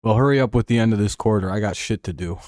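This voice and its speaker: A man's voice: on the low side, fast talker, a little mellow, no echo, clean studio sound. A young man hosting a casual livestream while watching football, joking, swearing and laughing often. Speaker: livestream host. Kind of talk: casual livestream chat over a football game.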